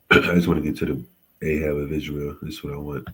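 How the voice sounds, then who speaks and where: A man hosting a casual livestream history lesson, halting and often correcting himself. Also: very deep voice, little pitch movement, very noisy. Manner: halting, frequent self-corrections and apologies. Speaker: host teaching history on a livestream.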